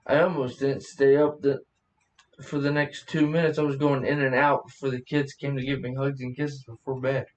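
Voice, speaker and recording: A man's voice: mid-range voice, little pitch movement, normal speed. A man hosting a casual podcast chat, rambling between topics, laughing often and swearing freely. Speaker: podcast host. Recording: voice distant from the mic.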